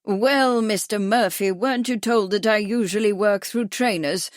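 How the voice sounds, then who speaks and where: A woman voicing a gruff, crafty, hard-of-hearing old male doctor who asks brusque, clipped questions. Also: medium pitch, moderate pace, dry recording, clean studio sound, natural voice.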